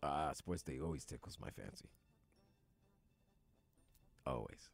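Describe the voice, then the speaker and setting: A man's voice: a bass voice, a little slow, gravelly, no echo, studio quality. A man who produces and co-hosts a sports radio show, chatting casually and getting worked up about his teams. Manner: enthusiastic, excitable fan.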